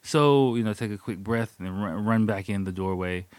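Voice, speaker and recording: Low-voiced man telling a profane story. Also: normal speed, darkish tone, clear, resonant tone, no room sound. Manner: loose and profane, laughing through the telling. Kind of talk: casual spoken anecdote.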